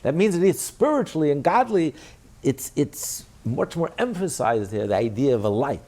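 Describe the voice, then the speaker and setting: A male rabbi lecturing on scripture, his pitch swinging widely as he poses questions and answers them himself. When he gives God's words in the first person, he builds the emphasis higher and higher. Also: moderate pace. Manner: animated, asks and answers his own questions. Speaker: rabbi teaching a prayer class. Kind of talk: Torah class lecture.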